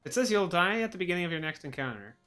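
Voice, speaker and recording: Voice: medium pitch, very animated, a bit bright, faint music behind. Giggly co-host playing a game. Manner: laughs a lot, swears, quick asides. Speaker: let's play co-host. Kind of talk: casual game commentary.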